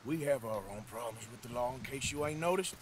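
A man voicing a weary, gruff frontier outlaw who grumbles in a dry, sardonic way. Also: mid-range voice, a little fast, slight background noise, natural voice. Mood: dry grumbling. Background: game music.

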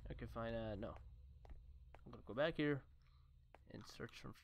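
A man's voice: mid-range voice, moderate pace, vocal fry, slight background noise. Joking, swearing gamer man. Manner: jokey, swears, thinks aloud. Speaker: let's play gamer. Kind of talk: horror game commentary.

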